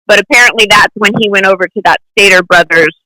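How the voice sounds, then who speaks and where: Young woman telling her side of it, bright voice, dry close sound, keeps acting out what ppl said. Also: medium pitch, fast talker, no echo, low-quality recording. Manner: talks in long runs, acts out quoted lines, gives short nervous laughs. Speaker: interview guest. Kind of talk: emotional personal account in an interview.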